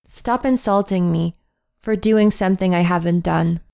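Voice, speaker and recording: A woman reading a list of English phrases in a calm, measured way, with deliberate pauses between them. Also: lowish voice, creaky, clear, resonant tone, no room sound, clean studio sound. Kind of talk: slow read-aloud phrase list.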